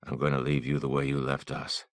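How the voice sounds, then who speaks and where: A man's voice: very deep voice, completely flat delivery, brisk, no echo, clean studio sound. A man voicing a weary, hardened father who speaks tersely and sternly.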